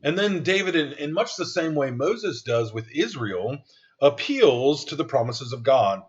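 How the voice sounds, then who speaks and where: A man's voice: fairly high pitch, very animated, a little slow, lo-fi sound. A man preaching a sermon as pastor, reading scripture aloud in an earnest way with some restarts.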